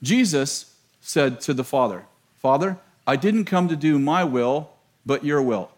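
A middle-aged man preaching a sermon, telling a story in an animated, self-mocking way and laughing often. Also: fairly high pitch, a little slow.

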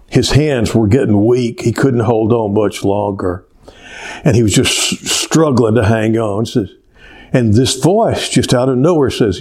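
A man's voice: mid-range voice, takes it slowly, darkish tone. A man preaching a sermon as pastor, telling stories with emphatic repetitions and sometimes dropping to a near whisper.

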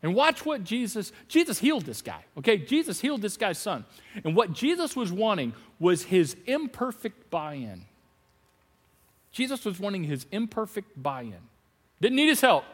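A man preaching a sermon as pastor, animated, acting out bits of dialogue with laughs. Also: high voice, moderate pace, long reverb tail. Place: large church hall.

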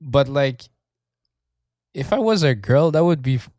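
A man in casual podcast chat, rambling through a story with plenty of swearing and laughs in the middle of his sentences. His voice sits at an ordinary middle pitch, recorded dry and close with no room sound. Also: expressive, unhurried, a little mellow, no echo. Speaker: podcast co-host.

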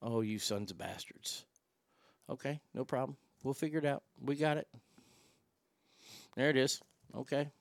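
A man's voice: mid-range voice, normal speed, vocal fry, long pauses, dry recording. Crude, rambling comedy show host man. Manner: crude, rambling, swears freely.

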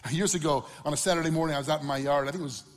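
A middle-aged man delivers a sermon in a casual, conversational tone, slipping into funny acted-out quotes. His voice sits slightly high for a man. The sound rings with a long reverb, as in a church hall. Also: fairly even intonation, rapid-fire. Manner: conversational, acts out quotes with humor. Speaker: pastor.

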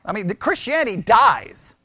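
Male pastor, sermon-lecture; high pitch, dry sound; animated, quizzes the congregation, stumbles and restarts. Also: normal speed, breathy edge, dry recording. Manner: animated, asks the room questions, mimics critics; restarts and repeats words often. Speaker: pastor teaching church history. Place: church meeting room.

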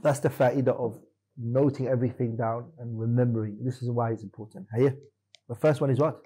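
A man's voice: mid-range voice, steady tone, brisk, mellow, breathy edge, poor audio. A man teaching a classroom lesson on Islamic law, quizzing his students by name and correcting them firmly.

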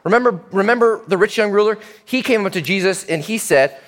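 Male pastor, sermon, animated, talks to kids, high lively voice, long reverb. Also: fairly quick, hardly any pauses. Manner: animated, addresses children directly. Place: church.

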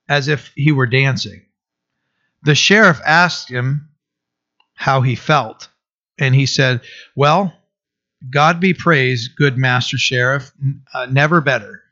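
A man reading a historical account aloud in an earnest, halting way, often stopping to restart or correct himself. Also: mid-range voice, a bit bright, dull audio. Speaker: reader.

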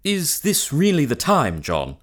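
A man playing a smooth, evasive gentleman schemer. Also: on the high side, huge pitch swings, a little slow, exaggerated voice. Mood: awkward, placating. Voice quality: polite, placating, evasive. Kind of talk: period drama acting.

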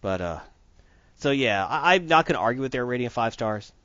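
A man's voice: medium pitch, expressive, a little fast, fairly bright tone, dry recording. A man reviewing a comic book in a casual podcast chat, rambling and opinionated. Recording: dull dry lo-fi recording.

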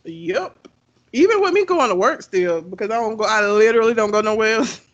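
A laid-back man co-hosting a podcast with a notably high voice. He chats loosely, agrees readily and breaks into laughter between remarks. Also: lively intonation, brisk, a bit bright, muffled recording. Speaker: podcast co-host. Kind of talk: casual chat.

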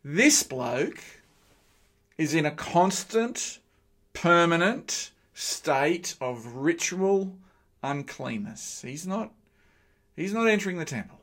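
Animated preacher, man. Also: fairly high pitch. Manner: animated, joking asides to the congregation. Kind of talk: sermon.

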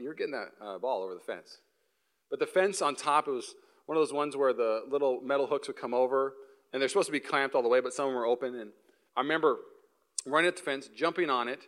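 A male pastor preaching a live sermon in a church, telling a personal story in an animated way and acting out the scenes. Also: mid-range voice. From Washington state, US. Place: church sanctuary, live service.

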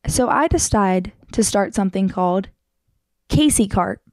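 A young woman from New Jersey telling her own surfing story in a fast, chatty, animated way with casual slang. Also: medium pitch, dry recording, studio quality. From New Jersey, United States. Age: young adult.

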